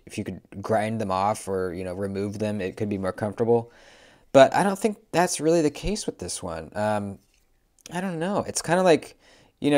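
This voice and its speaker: A young man casually reviewing pocket knives, relaxed and chatty, with lots of fillers. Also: medium pitch. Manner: laid-back, lots of "um" and "man". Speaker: knife reviewer.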